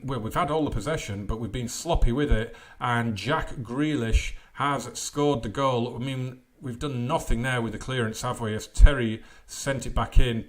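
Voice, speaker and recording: Excitable man commentating a game. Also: mid-range voice. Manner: excitable match commentary, swings between mumbled asides and loud outbursts. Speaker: gaming channel host. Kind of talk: let's play commentary.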